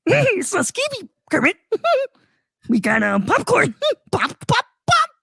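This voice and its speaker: A man putting on the voice of a creepy giggling monster clown who lures with a high, wheedling tone. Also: huge pitch swings, slow, gravelly, bright, forceful tone, no echo, studio quality, exaggerated voice. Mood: wheedling giggly. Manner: high giggly wheedling, laughs between words.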